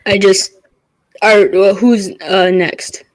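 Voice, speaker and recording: A woman's voice: medium pitch, slow, poor audio. A woman playing a tabletop game, talking hesitantly and restarting sentences. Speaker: player. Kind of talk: casual tabletop role-play.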